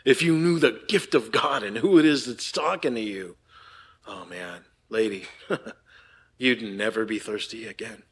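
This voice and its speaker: An older man preaching a conversational sermon, asking the congregation "right?" often and moving between hushed and emphatic delivery. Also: lowish voice, unhurried, slightly rough. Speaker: pastor.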